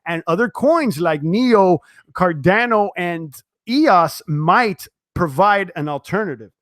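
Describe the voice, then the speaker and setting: High-voiced man hosting a casual live stream. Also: lively intonation, takes it slowly, a bit bright, dry recording, studio quality. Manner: casual, many fillers and restarts. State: sweating, tiring. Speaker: crypto live-stream host. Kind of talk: live-stream chat reading viewer comments.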